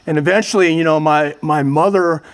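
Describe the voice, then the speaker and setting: A man's voice: a little high, fairly quick. A man from Vietnam giving a public talk, telling a personal story earnestly and addressing the audience directly. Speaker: motivational speaker. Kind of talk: public speech.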